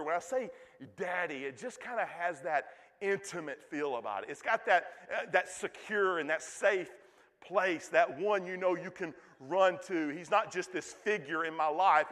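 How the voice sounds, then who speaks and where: Man, forties, pastor, sermon, high voice, loud then hushed, repeats words, reverberant sanctuary. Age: 40s.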